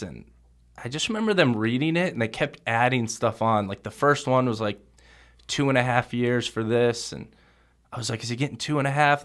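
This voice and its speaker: A young man who is a guest on a podcast, recounting memories haltingly with lots of "you know," "like" and "bro.". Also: mid-range voice. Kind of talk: conversational podcast interview.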